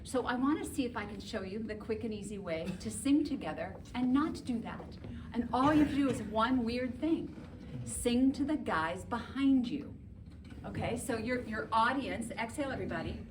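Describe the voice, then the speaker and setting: A woman vocal coach runs a chorus rehearsal with brisk, cheerful, chatty directions. Her voice sits a little high and comes from a distant camera across the room. A steady hiss of room noise stays underneath. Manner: lively, upbeat, chatty instructions. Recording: distant mic with background noise.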